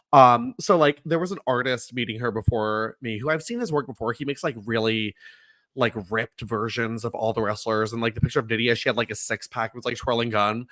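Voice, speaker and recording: A young man co-hosting a podcast, telling stories in a lively, animated way, laughing often and acting out quotes in a high voice. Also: no echo. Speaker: podcast co-host. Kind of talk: casual chat.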